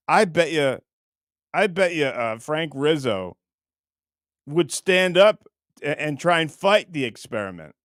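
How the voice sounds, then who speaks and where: A male host riffing through comic bits and laughing at his own jokes. His voice sits fairly high and he talks slowly. The sound is close and dry. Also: sharp tone, no echo. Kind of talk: comedic casual chat.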